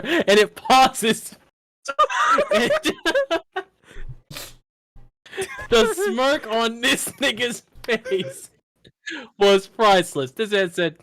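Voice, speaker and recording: A man's voice: extremely high pitch, very animated, very slow, long pauses, noisy background. A young man co-hosting a casual podcast, telling stories in heavy slang and laughing often. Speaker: podcast co-host. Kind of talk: casual chat.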